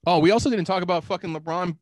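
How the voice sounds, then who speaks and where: A podcast co-host with a notably high, darkish voice argues playfully with his partner in casual chat, swearing freely and pushing his points with a joking edge. He talks rapid-fire. The recording is dry and close, with no echo or room sound.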